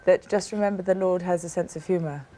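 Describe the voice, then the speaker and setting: A British woman in her thirties, a guest on a TV talk show, tells personal stories with earnest emphasis and frequent restarts in British English. Her fairly low voice is warm and steady in tone, quick in pace, with a slight hiss or hum.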